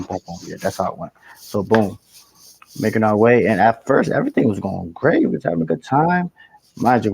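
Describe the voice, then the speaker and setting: This young man's voice is fairly low and gravelly with a breathy edge, heard through poor audio. He rambles through a slangy, animated story in a casual manner, stopping to correct himself along the way.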